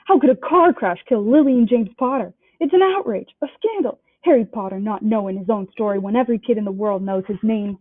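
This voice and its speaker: A huge, gruff but kindly male giant blusters along in a rustic dialect, as a woman reading a storybook acts him out. The voice sounds thin and boxy, and the sound is dry and close. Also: mid-range voice, fairly even intonation, quick pace, few pauses, no room sound, lightly acted. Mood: outraged. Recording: dry, tinny phone-like sound.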